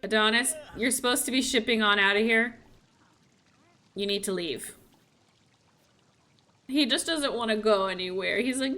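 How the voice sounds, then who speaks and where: A woman's voice: a little high, normal speed, long pauses, sharp tone. A young woman streamer chatting casually as she plays, talking to her game characters and voicing them playfully. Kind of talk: casual gameplay commentary.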